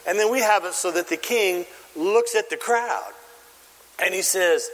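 A man preaching a sermon, telling a story with lively acted-out voices and bursts of shouting. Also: high-pitched, measured pace, long reverb tail, rough recording. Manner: animated storytelling, acting out voices and shouting lines. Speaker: pastor.

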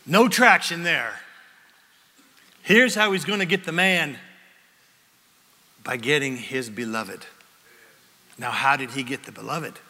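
Animated bright-voiced male preacher. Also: medium pitch, slow pace, pauses often. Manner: animated, acts out voices, asks the crowd questions. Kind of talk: sermon. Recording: long hall reverb.

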